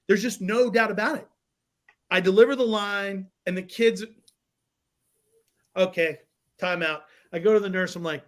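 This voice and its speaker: Guy telling a story on a podcast, high-ish voice, really animated, laughs along. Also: moderate pace. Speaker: podcast guest. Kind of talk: casual storytelling.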